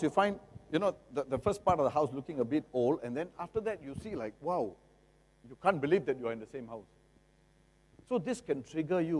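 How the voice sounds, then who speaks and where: A middle-aged man with a Singaporean English accent gives a lively, jokey seminar talk, often asking the audience rhetorical questions. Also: mid-range voice. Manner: jokey, acts out buyers and sellers. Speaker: lawyer giving a seminar talk. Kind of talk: seminar lecture. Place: seminar hall. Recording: long reverb of a seminar hall.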